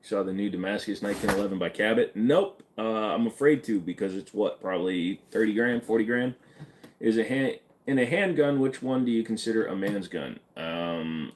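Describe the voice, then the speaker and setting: A man's voice: on the low side, a little mellow, a little hiss or hum. A man hosting a live stream, casually reading and answering chat questions in an offhand, joking way.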